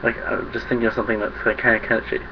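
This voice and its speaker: A man's voice: medium pitch, level tone, rapid-fire. Rambling young guy vlogging. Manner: rambling, self-conscious, laughs at himself. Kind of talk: casual rambling monologue. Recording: dull lo-fi webcam audio with faint hiss.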